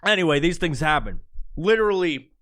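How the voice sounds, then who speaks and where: A man's voice: on the high side, big pitch swings, a little fast, a bit bright. A man, telling a rambling, profane, laugh-filled story as a podcast host. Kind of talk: casual storytelling.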